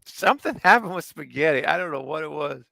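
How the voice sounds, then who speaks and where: A man co-hosting a casual livestream chat, chiming in and reminiscing with animated energy. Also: on the high side, fairly quick, vocal fry, no room sound. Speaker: co-host.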